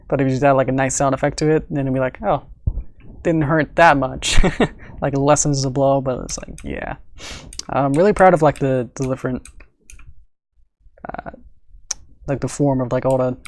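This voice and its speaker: A man's voice: medium pitch, darkish tone. A man who animates, chatting casually on a live stream about his work. He rambles, uses many fillers and laughs often. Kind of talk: casual livestream chat.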